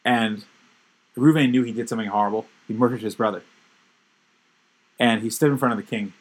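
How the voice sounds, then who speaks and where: A man teaches a Torah class with a husky, slightly breathy voice. He tells stories in an emphatic way that builds in intensity. His pitch sits in an ordinary middle range. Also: brisk, poor audio. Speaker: religious teacher.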